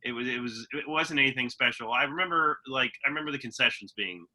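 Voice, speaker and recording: Very bright-voiced easygoing man. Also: mid-range voice, quick pace, poor audio. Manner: easygoing, with fillers and restarts. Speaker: podcast co-host. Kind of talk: casual chat.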